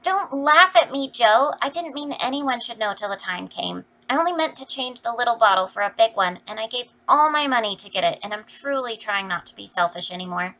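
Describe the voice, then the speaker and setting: A woman's voice: fairly high pitch, lively intonation, a little fast, hardly any pauses, sharp tone. A woman reading the lines of an earnest, humble young girl who speaks in a pleading way. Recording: dull lo-fi recording.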